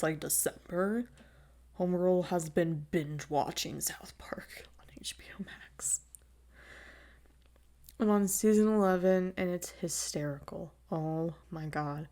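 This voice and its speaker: A young adult woman hosting her own podcast in casual chat, gushing and chatty, laughing often and swearing casually, on a new mic with no windscreen. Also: on the low side. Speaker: podcast host. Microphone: new desk mic without windscreen.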